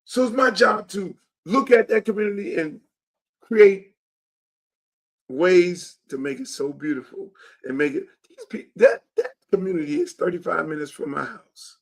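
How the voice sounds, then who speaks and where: A man with a high-pitched voice holds forth in a casual political monologue. He is blunt and emphatic, swears freely, and hammers the same phrases again and again. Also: very animated, moderate pace, creaky. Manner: emphatic, repetitive, blunt and profane. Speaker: show host and political candidate.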